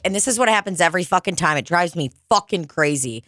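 Woman, young adult, casual podcast chat, profane, animated storyteller, lowish voice, dry sound. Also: fast talker, few pauses, no room sound. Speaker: podcast co-host, bartender.

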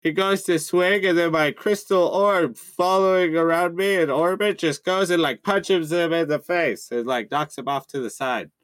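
A man's voice: fairly high pitch, normal speed, hardly any pauses, no room sound. A man playing in a tabletop game, cheerful and hesitant as he picks his moves. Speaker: player. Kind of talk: casual tabletop play.

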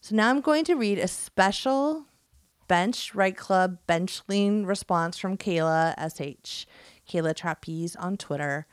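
A woman's voice: fairly low pitch, smooth, no room sound. A woman co-hosting a podcast, chatting casually and reading listener writing, laughing easily and poking fun at herself. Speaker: podcast co-host.

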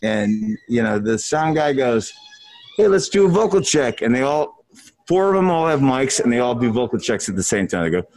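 A man's voice: mid-range voice, big pitch swings, normal speed, darkish tone, slight background noise. A middle-aged man, a musician, telling a rambling, profane tour story to a room, often breaking into laughs.

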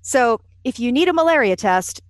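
A woman being interviewed, telling travel stories in a lively, self-deprecating way with frequent fillers. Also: a little high, moderate pace, no echo. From United States. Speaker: interview guest. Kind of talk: conversational storytelling.

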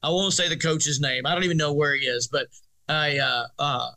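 Speaking at a normal pace with a voice on the high side, this middle-aged Arkansas football coach tells a story as a guest in an interview. He laughs through it, stays animated, and keeps restarting as he rambles.

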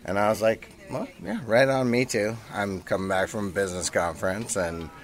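Guest, male, low-voiced, easygoing storyteller with faint room ambience. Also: fairly even intonation, fairly quick, slight background noise. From Canada. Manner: laid-back anecdote teller, laughs while talking. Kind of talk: casual storytelling.

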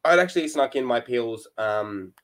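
A young man in casual chat, teasing crudely and breaking into high bursts of laughter. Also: lively intonation, moderate pace.

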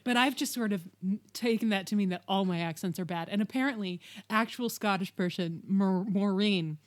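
Woman, podcast co-host, sarcastic and animated, casual chat, dry close sound. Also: medium pitch, normal speed, dry recording.

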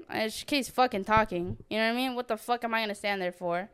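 A woman's voice: on the high side, brisk, hardly any pauses, pushed and bright, clean tone. A young woman in her twenties on a podcast, telling a profane story in casual chat and acting out the quotes. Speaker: podcast co-host.

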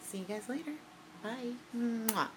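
A woman's voice: fairly high pitch, a little slow, poor audio. A woman hosting a wrestling show who cuts a brash, profane, mock-menacing promo to her audience.

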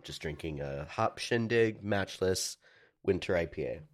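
Very deep-voiced teasing podcast guy. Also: lively intonation, measured pace. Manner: teasing, goofy. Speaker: podcast co-host. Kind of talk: casual chat.

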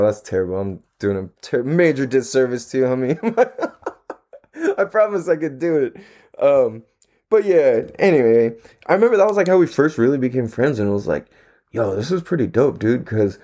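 Young male solo podcaster at home, relaxed slangy delivery, mid-range voice, swears freely. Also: mid-range voice. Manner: laid-back, slangy, swears a lot, laughs often. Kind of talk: casual rambling monologue. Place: at home, on camera.

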